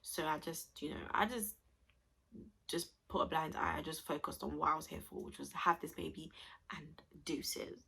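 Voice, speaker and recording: A woman's voice: low voice, steady tone, moderate pace, creaky, sharp tone, breathy edge. A young woman, chatting expressively to camera as she tells a personal story to her viewers. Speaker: vlogger.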